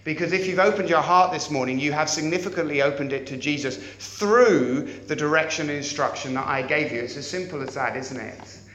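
A man preaching a sermon as a church elder and pastor, asking the congregation rhetorical questions and swinging between loud and soft delivery. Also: a little high, fairly quick, few pauses. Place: church hall. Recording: very echoey church hall, faint noise.

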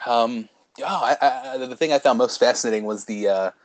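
A man co-hosting a podcast, talking in a loose, rambling way with plenty of laughs. His voice sits at an ordinary middle pitch. The sound is dry and close. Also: no room sound. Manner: rambling, halting, laughs often. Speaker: podcast co-host. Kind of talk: casual chat.

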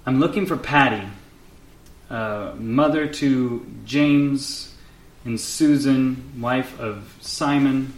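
A man voicing a gentle robed male medium in a tabletop game, soft and hesitant. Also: mid-range voice, takes it slowly, reverberant, natural voice, rough recording. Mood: mystical.

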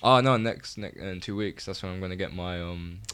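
A man's voice: low-pitched, fairly quick, a bit bright, clean tone. A young man co-hosting a podcast, rambling and stumbling over his words in casual chat. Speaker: podcast co-host. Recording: music playing behind.

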